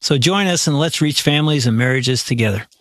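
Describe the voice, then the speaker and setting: A man's voice: mid-range voice, a little fast, fairly bright tone, no room sound, studio quality. A man hosting a radio show, making an upbeat, persuasive appeal to listeners. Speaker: host. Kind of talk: on-air donation appeal.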